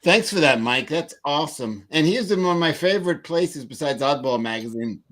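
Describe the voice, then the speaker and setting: A man's voice: fairly high pitch, lively intonation, fairly quick, a bit bright. A man co-hosting a casual podcast chat, making playful teasing remarks. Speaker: podcast co-host.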